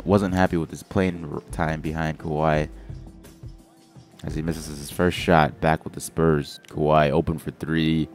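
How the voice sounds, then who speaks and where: A man's voice: sits low, darkish tone. A young man giving rambling, casual commentary over his basketball video game, in a groggy morning voice, often correcting himself. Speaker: gaming commentator.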